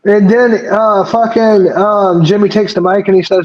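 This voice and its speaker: Chatting casually about a wrestling episode, this co-host's high voice keeps a steady tone at normal speed. He wanders off-topic, curses without restraint and fills gaps with filler words, all in dull, lo-fi audio.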